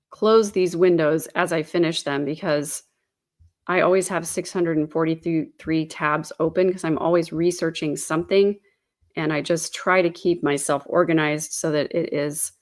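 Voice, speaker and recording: A woman hosting an online commentary show, reading news articles aloud at her computer and adding her own speculation in a chatty, filler-laden way. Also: low voice.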